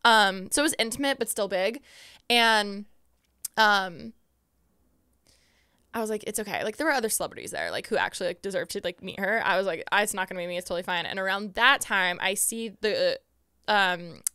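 A young woman guest on a podcast, telling an excited story in casual chat, full of fillers and acted-out quotes. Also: mid-range voice, smooth, dry recording, studio quality.

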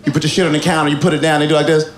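Fast-talking stand-up comedian. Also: male voice, on the high side, slight background noise. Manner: animated, rambling asides, crude punchlines.

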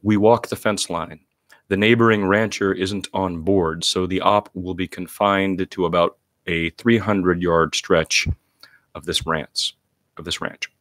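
Low-voiced male reader, deadpan, for literary nonfiction in a close, dry sound. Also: measured pace, dry recording. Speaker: reader of a longform essay. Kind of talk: live reading of literary nonfiction.

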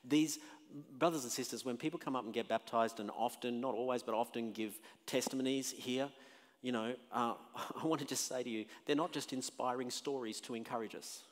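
A pastor preaches in a church with a long, ringing reverb around him. His mid-pitched voice swings between loud, emphatic declarations and quiet, searching questions put to the congregation. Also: brisk. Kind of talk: sermon. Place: church sanctuary.

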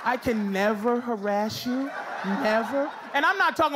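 A middle-aged man doing a stand-up set, loud and teasing as he banters with the audience. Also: very high-pitched, moderate pace. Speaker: stand-up comedian. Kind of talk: stand-up set with crowd work. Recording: live club recording with crowd noise. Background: audience laughter.

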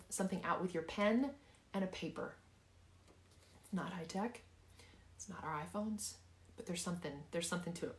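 A middle-aged woman pastor giving a sermon, earnest and repetitive, sometimes dropping to a soft near-whisper for emphasis. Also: medium pitch, echoey room.

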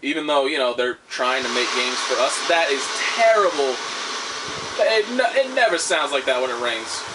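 A man's voice: medium pitch, animated, normal speed, very noisy. A young man giving casual, rambling commentary on a video game he is playing, joking and swearing as he goes. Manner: rambling, joking, profane, silly asides. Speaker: let's play commentator. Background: game music.

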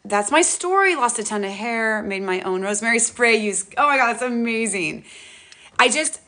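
A middle-aged woman chatting on a livestream, talking fast and rambling with many restarts, often emotional and animated. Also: fairly high pitch. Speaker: livestream host. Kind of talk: casual livestream chat. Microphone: tablet mic, close.

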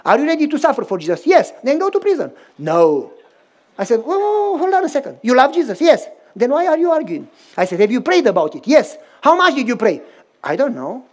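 A man's voice: very high-pitched, fairly quick. A male pastor, preaching as he tells a story and acts out both sides of the dialogue. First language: Romanian. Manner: acts out dialogue with lively voice swings. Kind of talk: storytelling sermon.

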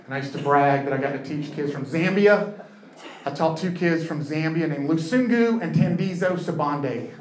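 A man performing a stand-up comedy set on a club stage, telling stories in a quick, conversational way. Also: on the high side. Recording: echoey club with crowd and noise.

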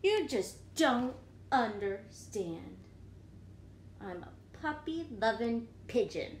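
A woman voicing an eager, demanding little male pigeon in a picture book read-aloud, pleading and whiny with loud bursts. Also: on the high side, animated, slow, a little hiss or hum. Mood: sulky. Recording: echoey room.

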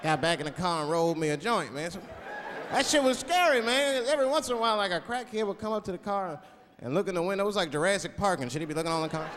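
Casual profane stand-up man, lively high voice, big hall with roaring crowd. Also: racing, slight background noise. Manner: laid-back, profane, animated storytelling. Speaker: stand-up comedian. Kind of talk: stand-up comedy storytelling. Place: large theater stage. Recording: hall reverb, loud crowd laughter.

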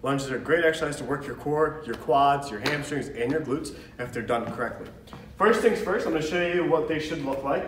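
An upbeat male fitness coach talks through exercise form step by step, his voice a little on the high side. He is picked up from a distance in a big, very echoey gym, with faint room noise behind him. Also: brisk. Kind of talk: exercise demonstration.

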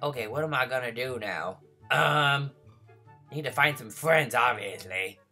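A man voicing a lonely, needy baby male dinosaur in a game role-play, whiny and begging for friends, breathy and childlike. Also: mid-range voice, lively intonation, unhurried, soft background music, heavily acted. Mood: playful. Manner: whiny, begging for friends, turning to frantic yelling when chased. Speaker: gaming video host.

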